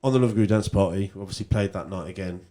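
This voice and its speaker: A man speaks in a low, mellow voice while he talks through old club nights as a radio guest. His storytelling is loose and rambling, full of asides and restarts. The chat sounds easy and unhurried. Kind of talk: casual radio interview. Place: radio studio.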